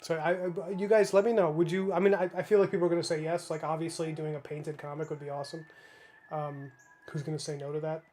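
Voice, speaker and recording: Talking fast in a fairly high, level, warm voice, this comic artist in his thirties paints live from his home studio. It's casual stream chat: he responds to viewers while musing aloud, rambling, restarting sentences and leaning on fillers.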